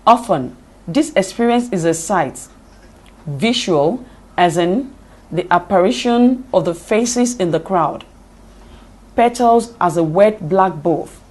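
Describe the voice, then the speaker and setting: A woman reading a poetry lesson aloud from notes in a deliberate, measured way, spelling out her examples. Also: mid-range voice, animated, a little mellow. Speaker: lecturer. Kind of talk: slow read-aloud lecture on poetry.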